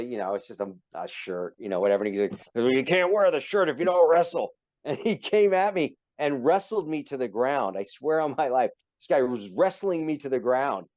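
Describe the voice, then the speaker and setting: A middle-aged man telling a story as a guest in a casual interview, animated and acting out the people in it. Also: medium pitch, dry recording, dull audio. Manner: animated, acts out voices in his anecdote. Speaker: podcast guest, actor.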